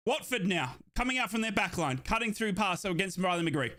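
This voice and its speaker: Young male fan streamer, high bright voice, yelling and breathless, live match watchalong commentary. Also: animated, a little fast, few pauses. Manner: shouting, euphoric, breathless bursts.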